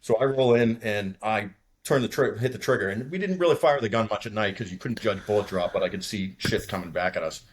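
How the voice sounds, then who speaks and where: A man in his sixties from the Boston area, with a fairly low voice. He tells war stories in a loose, profane, laughing way and acts out radio calls as he goes. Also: fairly quick, slightly rough. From outside Boston, USA. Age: 60s. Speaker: guest, retired fighter pilot. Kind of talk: casual war storytelling.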